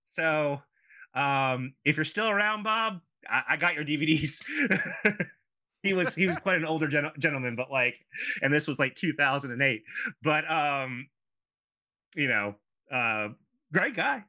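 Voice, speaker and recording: A man's voice: on the high side, lively intonation, unhurried, long pauses, sharp tone. A man in his thirties co-hosting a casual podcast, rambling through asides with lots of fillers. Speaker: podcast co-host. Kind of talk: casual chat.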